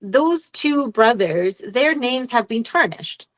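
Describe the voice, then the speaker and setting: A woman's voice: a little high, animated, slow, a bit bright. A young adult woman co-hosting a podcast in casual chat, candid and swearing freely, acting out quotes as she talks. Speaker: podcast co-host.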